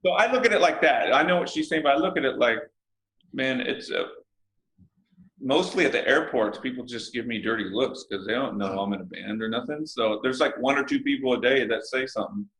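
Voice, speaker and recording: A man's voice: medium pitch, brisk, a bit bright, reverberant, low-quality recording. A man talking as a guest over a video call, laid-back and rambling with lots of filler. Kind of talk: casual interview chat.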